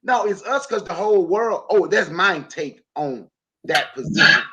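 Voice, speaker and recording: A man's voice: high-pitched, animated, moderate pace, sharp tone. A man talking on an online talk radio discussion, speaking casually and laughing easily as he hands the floor to another speaker. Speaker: panelist on a talk radio show. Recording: dull lo-fi audio.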